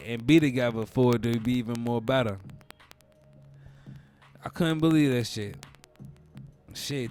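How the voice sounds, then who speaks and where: A young man from Baltimore with a Baltimore accent, hosting a casual podcast monologue in an animated, profane storytelling manner with loud outbursts. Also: mid-range voice. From Baltimore, USA. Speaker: podcast host.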